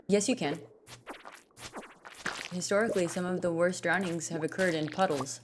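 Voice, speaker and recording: A woman's voice: fairly low pitch, steady tone, normal speed, long pauses, slight background noise. A young woman casually chatting and joking while playing a farming game, rambling and self-deprecating. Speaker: gaming streamer. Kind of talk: casual gameplay commentary.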